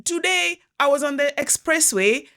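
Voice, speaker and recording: Brief: young woman co-host, casual rants, bright and a bit high. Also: moderate pace. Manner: animated, laughs often, rants with restarts. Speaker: podcast co-host. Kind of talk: casual chat.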